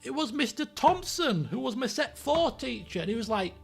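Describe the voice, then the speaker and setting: A man's voice: very high voice, moderate pace, gravelly, breathy edge, soft background music. A man, telling rambling stories from his school days on a live stream and acting out the people in them. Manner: animated, rambling anecdotes with acted-out quotes. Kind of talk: casual storytelling on a live stream.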